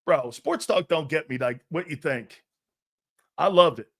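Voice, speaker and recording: Brash, loud sports host. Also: male voice, on the high side, measured pace. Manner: brash, loud and animated, often laughing at himself. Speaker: sports talk show host. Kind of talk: live sports talk show reacting to chat.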